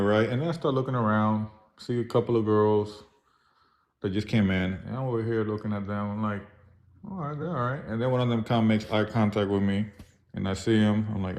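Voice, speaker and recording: A man chatting casually, telling a relaxed story and chiming in briefly. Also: fairly low pitch, normal speed. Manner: laid-back storyteller, brief backchannels. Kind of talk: casual chat.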